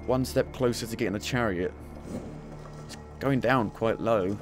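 A man's voice: fairly low pitch, moderate pace, over music. A man giving casual, jokey commentary while streaming his playthrough, talking to himself as he plays. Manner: chatty, jokey, talks to himself while playing.

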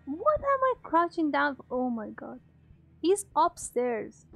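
Scared young woman gaming, high pitched, drawn out nervous talk. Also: big pitch swings, slow, vocal fry, a bit bright, faint music behind. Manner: frightened, gasping, nervous laughter. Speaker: gamer streamer. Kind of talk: horror game let's play commentary.

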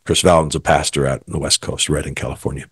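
A man's voice: extremely low pitch, little pitch movement, rapid-fire, husky, no room sound, studio quality. A middle-aged man, a guest, earnestly telling his personal faith story and quoting what others said.

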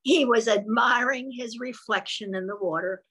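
A woman reading a picture book aloud to young children, expressive and stopping to ask them questions. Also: a little high, low-quality recording. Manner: expressive, pauses to ask little listeners questions. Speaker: storyteller for children.

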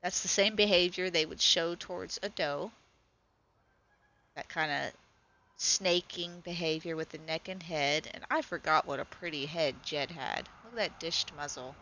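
A woman's voice: low voice, unhurried, bright, forceful tone, rough recording. A woman who breeds goats, chatting casually and affectionately as she comments on her own farm videos. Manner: chatty, affectionate toward the animals.

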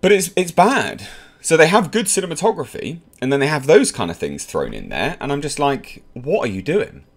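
A man's voice: a little high, very animated, normal speed. A man with an English accent giving a blunt, exasperated spoken film review to camera, with mocking asides. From England.

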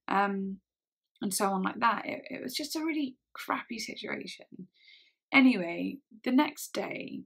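Halting young vlogger woman, gravelly and husky. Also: mid-range voice, a bit bright. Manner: halting, hesitant speech with many restarts. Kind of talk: storytime vlog.

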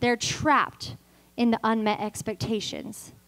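Preaching as a guest at a church service, a Californian woman in her thirties shares a personal story and acts out each line of dialogue with lively energy. Her voice is fairly high and slow, and the recording is rough.

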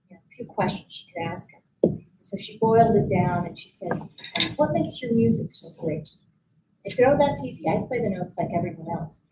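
A woman leads a mindfulness practice with a calm, gentle delivery, pausing often between phrases. Her voice is mellow, and her pitch rises and falls in lively swings. A faint hum of background noise sits behind her. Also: poor audio. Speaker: mindfulness instructor. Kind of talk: guided mindfulness teaching at a conference. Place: conference room.

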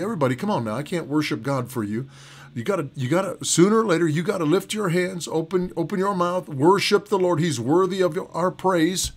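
A middle-aged man preaching a relaxed broadcast sermon, his voice sitting a little high for a man. He talks in a folksy, chatty way, repeating phrases and chuckling often. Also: a little fast. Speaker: pastor.

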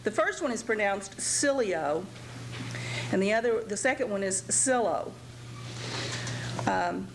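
A woman anatomy instructor giving a recorded lecture, speaking slowly and carefully, spelling out word parts letter by letter, with frequent pauses and throat-clearing. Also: medium pitch. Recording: faint background noise, archival lecture tape.

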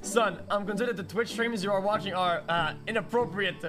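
High-voiced man joking on stream. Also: fairly quick, over music. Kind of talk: casual chat.

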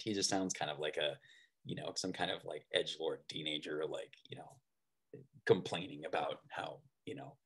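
A man lecturing on theater in a conversational way, often checking in with "right?" and pausing on fillers. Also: extremely low pitch, breathy edge.

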